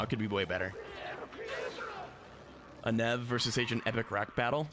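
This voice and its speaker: A man's voice: mid-range voice, brisk, pauses often, background noise. A man streaming a game, chatting casually with viewers in a joking, profane, offhand way. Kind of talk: casual live-stream chat.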